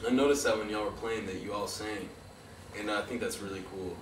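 Rambling interviewer in a noisy room. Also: male voice, fairly low pitch, steady tone, a little fast. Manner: enthusiastic, rambling praise. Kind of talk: casual interview. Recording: echoey room from far off, with noise.

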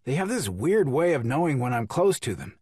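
A man's voice: medium pitch, sing-song, brisk, darkish tone, breathy edge, dry recording, clean studio sound, voice pushed up. A man voicing a wry adult man who mutters his warnings under his breath.

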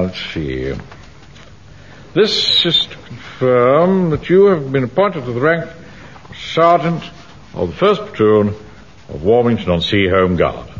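An actor playing a pompous, self-important middle-aged bank manager who also commands a platoon, in a 1970s radio sitcom. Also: male voice, mid-range voice. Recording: dull old radio recording with faint hiss.

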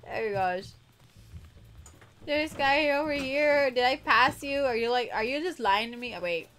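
A young woman chatting casually and giggling on a gaming livestream, excitable and quick to squeal. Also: high voice. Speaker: streamer. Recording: music playing faintly behind.

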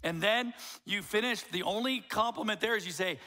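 A man's voice: sits high, normal speed, pushed and bright. A man in his fifties preaching a sermon as a pastor, blunt and emphatic, with wry jokes.

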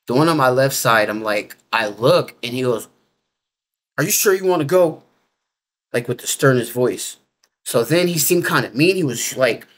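An interview guest tells his story loosely and casually, rambling with lots of filler words, especially "like," and informal grammar. His voice has a medium pitch and a fairly bright tone.

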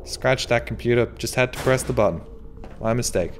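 Profane, jumpy gaming commentator. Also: male voice, medium pitch, expressive, fairly quick, background noise. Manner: profane, jokey, yelps in surprise. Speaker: let's play host.

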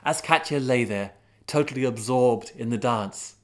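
A man telling a folk tale as a storyteller, unhurried and dramatic, with sudden swells of excitement. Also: medium pitch. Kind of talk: storytelling narration.

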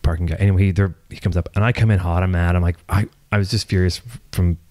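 A man's voice: low-pitched, fairly even intonation, quick pace, a little mellow, no echo. A man hosting a casual podcast chat, rambling through a story with lots of restarts and casual swearing. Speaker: podcast host.

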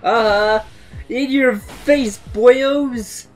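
A woman doing let's play commentary on a video game, excitable and giggly, often reading game lines aloud. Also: a little high, very slow, soft background music. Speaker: gaming video host.

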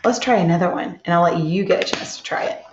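A woman teaching a reading lesson to young children, reading aloud slowly and gently and stopping to ask them questions. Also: fairly low pitch, slight background noise. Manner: slow, gentle, asks children questions and pauses. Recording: echoey, dull lo-fi room sound.

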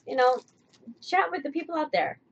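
Casting: young woman, slightly high voice, chatty live-stream co-host, giggly, dull lo-fi sound with faint hiss. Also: big pitch swings, moderate pace, gravelly. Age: young adult. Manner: chatty, laughs often, restarts sentences. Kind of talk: casual chat.

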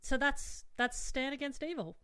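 A woman hosting a podcast in casual chat, playful and quick to laugh. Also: sits high, a bit bright, no room sound. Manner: giggly, playful and chatty. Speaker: podcast host.

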